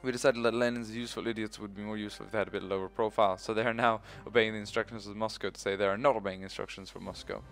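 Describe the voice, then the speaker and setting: A man's voice: fairly low pitch, steady tone, racing, gravelly, hardly any pauses, fairly bright tone, soft background music. A man voicing a sly Russian propaganda official in a put-on Russian accent.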